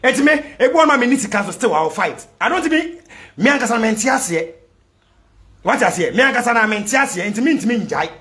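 A Ghanaian man delivering a fiery vlog rant to supporters, switching between Twi and English and breaking into shouts. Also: extremely high pitch, very animated, quick pace. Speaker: political commentator addressing supporters abroad.

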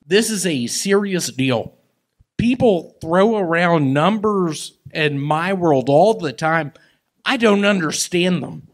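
A man doing stand-up on stage, with a slow, halting, awkward delivery full of odd pauses. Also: high voice, lively intonation. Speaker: comedian. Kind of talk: live stand-up and crowd banter. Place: comedy stage with live audience.

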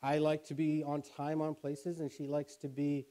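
A middle-aged man preaching a sermon as pastor, telling stories and rising in pitch and force to drive points home. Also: completely flat delivery, normal speed, mellow.

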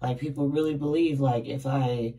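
A woman's voice: very deep voice, fairly even intonation, normal speed, warm tone, recorded from a distance. A woman tarot reader chatting casually to her viewers in a groggy, just-woken voice, laughing often and calling them babies. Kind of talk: casual tarot reading to camera.

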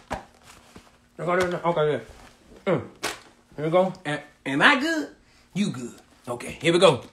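A man hosting a livestream, loud and hyped, swearing and shouting to his viewers. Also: high voice. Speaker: livestream host.

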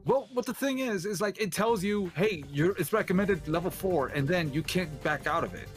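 A man co-hosting a comedic gameplay chat, mockingly reading a story aloud in halting starts. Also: high voice, lively intonation, soft background music.

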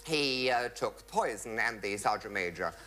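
A man's voice: fairly low pitch, lively intonation, a little slow, bright, forceful tone, soft background music, rough recording. A middle-aged man telling theatrical anecdotes in a flamboyant manner, mimicking the people in his stories. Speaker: comic raconteur.

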